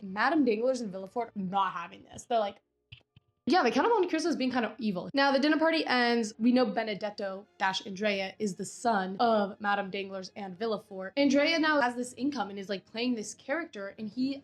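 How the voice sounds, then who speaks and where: A young adult woman casually recapping a long classic novel, chatty and slangy, tossing in playful quoted asides. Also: mid-range voice. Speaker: book vlogger.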